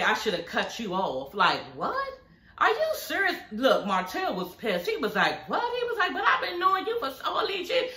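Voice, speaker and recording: A woman's voice: mid-range voice, pushed and bright, roomy sound, poor audio. A young woman giving a blunt, profane recap of a reality show, talking casually to her viewers. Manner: blunt, profane, repeats "you know what I'm saying".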